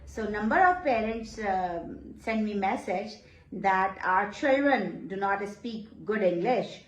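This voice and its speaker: A woman's voice: mid-range voice, roomy sound, slight background noise, rough recording. A middle-aged woman from Pakistan with a Pakistani accent and Urdu as her first language, teaching in a patient classroom manner, repeating phrases and checking in with "Okay?". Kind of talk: slow, patient classroom explanation.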